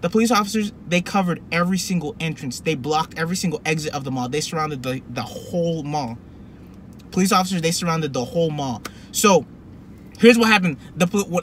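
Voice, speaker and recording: A young man telling a personal story to camera in a rambling, animated way, full of fillers and restarts. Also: sits high, a little hiss or hum. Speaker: vlogger. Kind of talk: casual storytelling.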